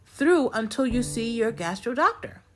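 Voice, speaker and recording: A woman narrating a personal story in a gentle, earnest, reflective way. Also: mid-range voice, animated, unhurried, faint music behind.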